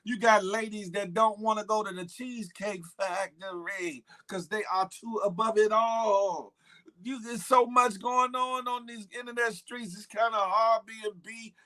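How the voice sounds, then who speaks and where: A man's voice: high-pitched, steady tone, measured pace, pushed and bright. A man hosting a morning live stream, chatting loosely in slang, greeting viewers by name and riffing on internet gossip. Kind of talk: casual live-stream chat.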